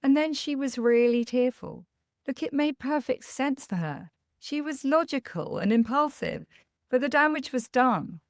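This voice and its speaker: A middle-aged woman with a high-pitched voice talks unhurriedly on a parenting podcast she hosts, recorded in clean studio sound with no room echo. A parenting coach, she's earnest, candid and reassuring, sharing personal anecdotes in a monologue and laughing at herself.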